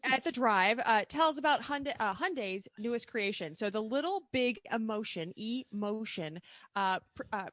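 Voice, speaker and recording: A woman's voice: a little high, animated, fairly bright tone, no room sound. A woman co-hosting a casual podcast, telling stories in a chatty, rambling way. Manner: chatty, quick storyteller. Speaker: podcast co-host. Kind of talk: casual chat.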